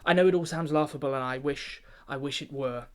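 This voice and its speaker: A man's voice: fairly high pitch, fairly quick, natural voice. A man playing a pompous, snobbish male poetry gatekeeper, reciting comic rhyming verse like an official briefing. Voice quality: pompous, grandiloquent, rhythmic recitation. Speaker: comic poet. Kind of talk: comic rhyming spoken-word satire.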